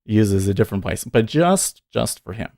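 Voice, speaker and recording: A man in his thirties hosts a casual day trading livestream, his voice sitting a little low. He rambles earnestly, correcting himself as he goes. The sound is dry and close. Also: lively intonation, moderate pace, creaky, darkish tone, no room sound. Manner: rambling, earnest storytelling with frequent self-corrections.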